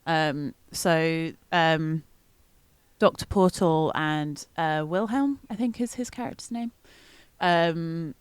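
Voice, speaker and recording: A woman's voice: deep voice, slow pace, clear, resonant tone, dry recording. A woman co-hosting a podcast, chatting casually and laughing often as she recaps an event with many ums. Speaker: podcast co-host.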